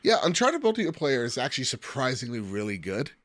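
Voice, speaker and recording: Animated joking man with a slight lisp. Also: mid-range voice, a little fast, no room sound, clean studio sound. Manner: joking, animated, reads listener mail. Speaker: podcast co-host. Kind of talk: casual podcast chat.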